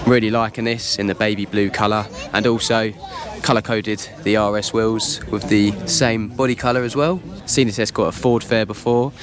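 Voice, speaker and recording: An enthusiastic man, chatting casually as he walks around an outdoor car show, his voice slightly worn. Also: on the low side. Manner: enthusiastic, chatty, informal slang. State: slightly losing voice. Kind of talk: casual walkaround commentary.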